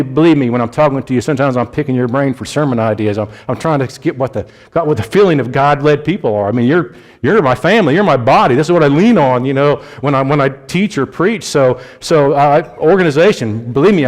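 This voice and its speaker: A man's voice: mid-range voice, a little mellow. A man with an Indianapolis accent preaching a conversational sermon, with frequent restarts and asides. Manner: conversational, rambling, frequent restarts and "you know". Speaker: lay preacher.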